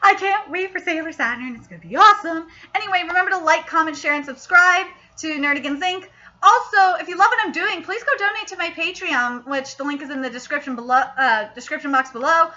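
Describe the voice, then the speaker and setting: A young woman hosting a casual anime review, excitable and swearing freely as she rants in frustration. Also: very high-pitched, fast talker, muffled recording. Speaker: anime reviewer, channel host.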